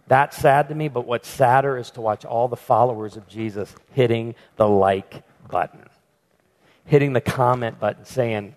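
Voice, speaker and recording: A man's voice: mid-range voice, normal speed, darkish tone, in a large hall. A man speaking as a pastor in a conference breakout talk, emphatic and repeating words for stress. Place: conference meeting room.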